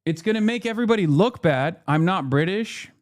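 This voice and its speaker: A man's voice: high voice, expressive, brisk. A man hosting a livestream of political commentary, ranting at chat in a combative, profane and sarcastic way. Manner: heated rants to chat. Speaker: streamer host.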